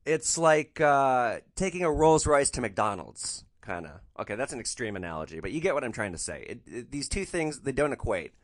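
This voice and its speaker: A man hosting a podcast, telling a rideshare story with sarcastic, animated delivery. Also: medium pitch. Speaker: podcast host and rideshare driver.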